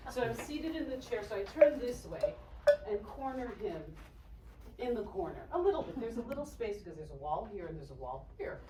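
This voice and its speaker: A woman from Haiti giving a testimony sermon, telling a story with animated delivery and acting out the voices of the people in it. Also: fairly high pitch, slight background noise. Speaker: speaker. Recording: echoey hall, distant mic.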